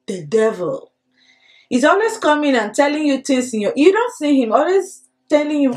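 A woman teaching a children's Bible lesson with animated call-and-response and lots of repetition. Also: high-pitched, moderate pace, rough recording.

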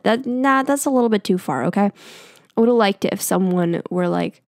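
Young woman podcast host, gravelly fry, dry close sound, chatty storyteller who swears. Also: medium pitch, a little fast, a little mellow, no echo. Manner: chatty, swears, many fillers and restarts. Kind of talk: casual storytelling.

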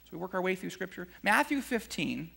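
Lively, bright-voiced man preaching. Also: fairly quick, creaky, long reverb tail. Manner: animated, acts out disciples' complaints with a jump in pitch; chuckles between points. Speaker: Christian speaker teaching scripture. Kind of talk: conversational sermon.

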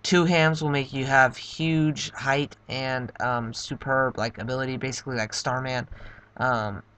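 A man's voice: medium pitch, fairly even intonation, unhurried, a bit bright, smooth. A young man giving casual, rambling, upbeat commentary over a game playthrough. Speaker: let's play narrator.

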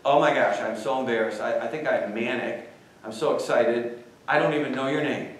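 A man voicing a chatty, excited older woman on a plane, gushing about her grandkids. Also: medium pitch, moderate pace, pitched below the performer's own voice, lightly acted. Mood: embarrassed. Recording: echoey hall, far from mic.

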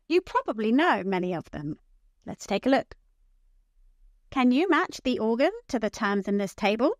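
A woman teaching medical English pronunciation, speaking slowly and enunciating each term clearly. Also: on the high side, very animated, dry recording, clean studio sound. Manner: slow, clearly enunciated, instructive. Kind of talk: pronunciation lesson.

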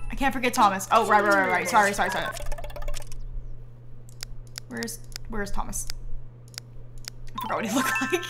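A woman's voice: mid-range voice, normal speed, long pauses. A young woman streamer giving casual, jokey gameplay commentary with dramatic reactions. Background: game music.

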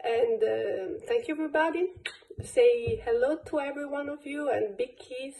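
High-voiced woman calling ballet counts. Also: normal speed, mellow. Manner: calls steps rhythmically with sing-song counts. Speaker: ballet teacher. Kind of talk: counting and calling ballet steps in a live online class. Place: dance studio. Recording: echoey studio, far from the mic.

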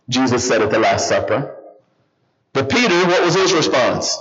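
A man's voice: mid-range voice, moderate pace. A man preaching a sermon as guest pastor in a church, constantly putting questions to the congregation. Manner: animated, keeps questioning the congregation. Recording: slightly dull church recording with audible congregation.

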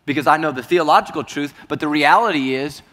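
A man preaching a sermon as pastor, telling a personal story earnestly and dropping to a hushed voice at heavy moments. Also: a little high, fast talker, in a large hall.

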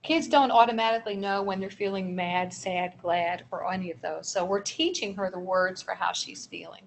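A woman's voice: medium pitch, steady tone, normal speed, creaky, slight background noise. A woman presenting a training seminar for early childhood educators, explaining strategies with step-by-step examples in an encouraging manner.

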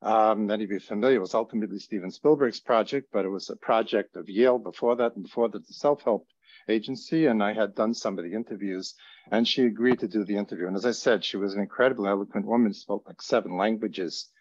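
A man giving earnest, measured closing remarks and telling a story on an online grief panel. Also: lowish voice, darkish tone, dry recording, muffled recording. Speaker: trauma center director speaking on a grief panel.

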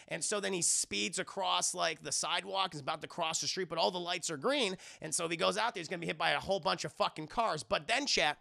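A man's voice: sits high, fast, creaky, hardly any pauses, pushed and bright. A man recapping an episode to a live chat in a rambling, profane style. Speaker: online reviewer.

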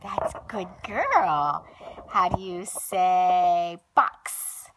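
A woman speaks in an unhurried, drawn-out way, coaxing a toddler with sing-song baby talk. Her prompts are slow and patient, with a gentle, encouraging lilt, as in a home video with a small child. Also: on the low side, expressive, slight background noise.

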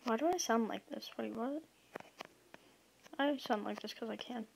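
A woman giving casual, self-mocking commentary while playing a video game, quick to get excited. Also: a little high, gravelly, a little hiss or hum, low-quality recording. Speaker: gaming video creator.

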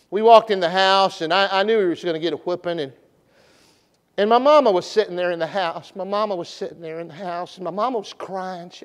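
A man preaching at a revival, telling a story in a folksy way and shifting from hushed to loud. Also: on the high side, smooth. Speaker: pastor. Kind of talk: revival sermon. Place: church sanctuary. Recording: long church reverb.

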